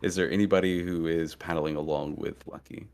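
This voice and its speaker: A man's voice: low voice, fairly even intonation, brisk, darkish tone, clean tone. A man narrating as game master of a tabletop game, loose and full of fillers.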